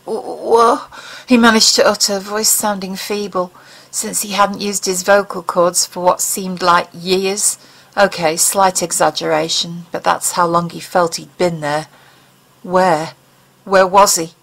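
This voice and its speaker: A woman's voice: fairly low pitch, little pitch movement, a little slow, gravelly, fairly bright tone, low-quality recording. Woman narrating a dramatic audiobook. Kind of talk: dramatic fiction reading.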